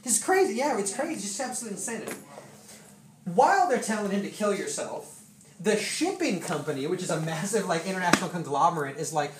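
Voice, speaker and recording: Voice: medium pitch, fast talker. Preacher rambling through a funny story, laughs a lot, sounds far off in a big echoey room with noise behind. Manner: animated, laughing, many fillers. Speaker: pastor. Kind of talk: storytelling sermon. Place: church hall with congregation. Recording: echoey hall, distant, noisy.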